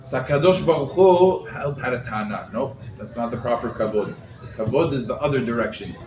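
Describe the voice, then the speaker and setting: A man, a rabbi, giving a lively Torah class to a live group, quizzing his listeners and using Hebrew terms, recorded from across the room. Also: medium pitch, moderate pace, crowd noise. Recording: roomy echo, mic set far off, faint background noise.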